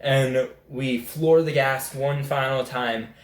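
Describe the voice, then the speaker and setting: A young man, telling a rambling, excitable story as a casual vlogger. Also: medium pitch, slow, very noisy. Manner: excitable, rambling, animated retelling. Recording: echoey room.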